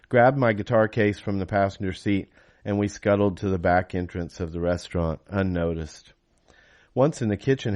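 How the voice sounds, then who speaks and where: A man's voice: lowish voice, a little mellow, highs cut off. A man reading his own novel aloud in first person, then chatting casually to close the episode. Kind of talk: audiobook reading.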